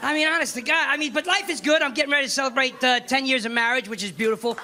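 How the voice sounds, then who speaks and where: A man's voice: very high-pitched, racing. A man doing a stand-up comedy set, telling stories and acting out characters. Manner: animated storytelling, acts out characters. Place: comedy club stage. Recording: live club recording with crowd noise. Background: laughing audience.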